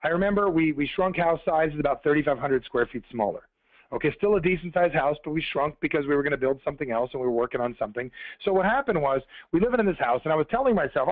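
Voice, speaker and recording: Male motivational speaker, quick and conversational, slightly high voice, phone-call quality. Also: lively intonation, no room sound. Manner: fast, conversational, addressing listeners directly. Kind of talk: motivational storytelling on a conference call. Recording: tinny phone-line call.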